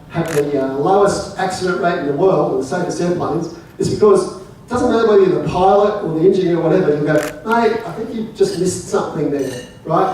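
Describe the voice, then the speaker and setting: A man's voice: high-pitched, darkish tone, slight background noise. An Australian man speaking to a club audience, joking, teasing and leading crowd chants. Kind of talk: lively audience talk. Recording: echoey room, far from the mic.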